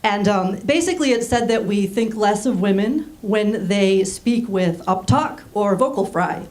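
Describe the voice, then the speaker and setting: A woman in her thirties, raised in Germany, doing a deadpan stand-up set on a small theater stage with frequent ums. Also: mid-range voice, a little slow. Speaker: stand-up comedian. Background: audience laughing.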